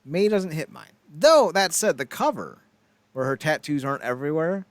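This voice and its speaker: A man's voice: on the high side, sing-song, normal speed, no room sound. A man co-hosting a casual wrestling news podcast, rambling and swearing, with self-mocking asides. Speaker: podcast co-host.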